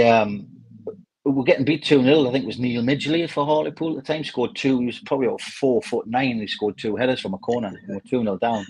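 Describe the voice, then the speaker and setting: Husky man telling football stories. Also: mid-range voice, poor audio. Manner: lively anecdotal, mimics voices in stories. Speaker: former footballer guest. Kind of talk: casual storytelling.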